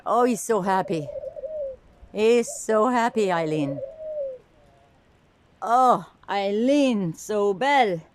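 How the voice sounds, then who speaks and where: A woman's voice: medium pitch, animated, takes it slowly, pauses often, slight background noise. A woman filming and cooing to her pet birds, gushing with frequent exclamations. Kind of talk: casual talk to camera and to pets.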